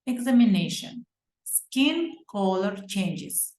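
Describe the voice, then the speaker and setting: A woman with an Uzbek accent giving a medical lecture from slides, reading deliberately and pausing on fillers and self-corrections. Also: mid-range voice, very animated, darkish tone. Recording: roomy echo.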